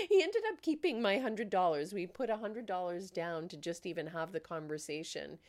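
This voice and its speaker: A woman hosting a podcast, telling a story in a casual, animated way and acting out the dialogue. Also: on the low side, moderate pace. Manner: animated, laughing, acts out quoted dialogue. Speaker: podcast host.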